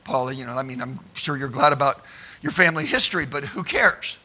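With a medium-pitched voice at a fairly quick pace, a Bible teacher preaches to a live audience. He's animated and emphatic, checking in often with "okay?" and at times shouting a phrase for emphasis.

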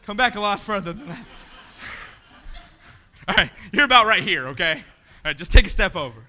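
A man preaching a sermon in a church, swinging between shouted appeals and quiet asides. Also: sits high, expressive, fairly quick. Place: church sanctuary.

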